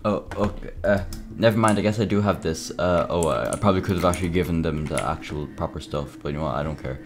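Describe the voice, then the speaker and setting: A young man casually commenting while playing a game, mumbling and halting, with many fillers. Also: sits low. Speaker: gaming video creator. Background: game music.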